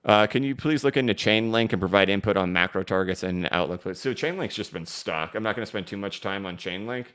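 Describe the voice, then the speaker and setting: A man with a fairly low, clean-sounding voice presents a live crypto market show. Fast-talking and energetic, he stresses his points while scanning charts and reading questions sent in by viewers.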